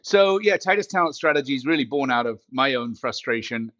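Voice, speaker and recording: A man's voice: medium pitch, animated, a little fast, fairly bright tone, no room sound, highs cut off. A man talking as a company CEO guest in a casual interview chat, joking and self-mocking as he rambles with fillers, recorded through a headset mic built into his glasses. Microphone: glasses-frame headset mic.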